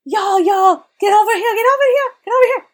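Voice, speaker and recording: A woman voicing a cheerful, excitable male dwarf merchant who gushes and shouts with glee. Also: fairly high pitch, fairly quick, breathy edge. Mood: overjoyed.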